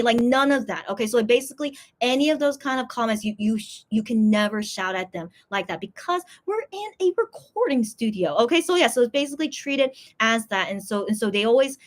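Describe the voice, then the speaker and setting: A woman vlogger telling a story in casual chat, rambling with lots of fillers and squealing high when she quotes others. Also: animated, fairly quick, hardly any pauses. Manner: rambling, heavy use of "like" and "okay?", acts out others in high squeals.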